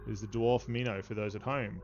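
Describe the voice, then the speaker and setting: A man narrating as game master of a tabletop game, with many halting fillers, in a slightly dull recording with faint music behind. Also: on the low side, steady tone, a little mellow.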